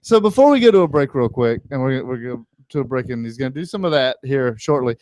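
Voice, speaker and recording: A man hosting a talk show, asking a guest questions in a relaxed, conversational way. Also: medium pitch, fast, no room sound. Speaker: host.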